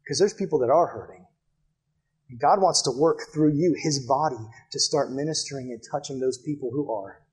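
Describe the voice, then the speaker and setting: Husky-voiced young man preaching earnestly. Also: mid-range voice, a little fast. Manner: earnest, direct, drops to a hushed appeal. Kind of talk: sermon with altar call. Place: church building before a live audience.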